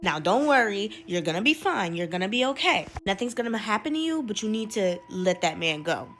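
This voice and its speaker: Woman storyteller doing firm religious mom, own voice, expressive. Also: mid-range voice, fairly quick, a little hiss or hum. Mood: reassuring. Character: stern protective religious mother.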